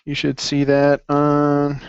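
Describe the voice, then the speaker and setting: A man's voice: fairly high pitch, completely flat delivery, slow, gravelly, clean tone, no room sound, dull audio. A man running a casual accounting review session, upbeat and jokey as he encourages his students. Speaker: accounting tutor.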